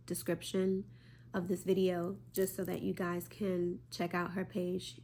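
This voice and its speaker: Slow, gravelly-voiced woman vlogger. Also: on the low side. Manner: slow, halting, with many fillers and restarts. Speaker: spiritual vlogger. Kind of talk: casual talk to camera.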